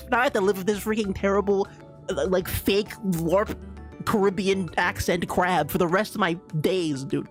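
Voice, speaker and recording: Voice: medium pitch, a little fast, soft background music. A streamer with a Bermudian accent giving casual gameplay commentary, ranting in exasperation and laughing often.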